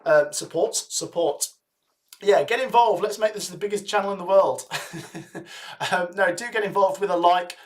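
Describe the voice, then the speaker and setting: An upbeat young man hosts a live football watch-along with a slightly high voice. He keeps urging viewers to like and comment, and he rattles off long lists of club names read from the chat in casual, chatty bursts. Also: brisk. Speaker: livestream host.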